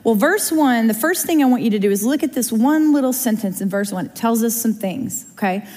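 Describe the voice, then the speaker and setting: A woman's voice: fairly high pitch, lively intonation, fairly quick, dark tone. Chatty woman teaching a Bible class. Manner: chatty, checks in with "okay?" and "right?" often. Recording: long reverb of a large room.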